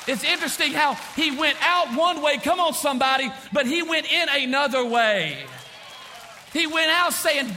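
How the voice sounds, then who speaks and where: A man preaching a sermon as pastor, repeating phrases and swinging from quiet to impassioned. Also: extremely high pitch, lively intonation, normal speed, a faint crowd, a little hiss or hum.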